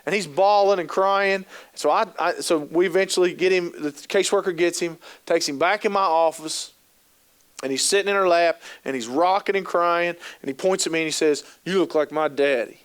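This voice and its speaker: A man's voice: sits high, moderate pace, smooth. A man giving a talk at a training session, telling stories with animation, acting out quoted thoughts and asking the audience rhetorical questions. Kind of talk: conference talk.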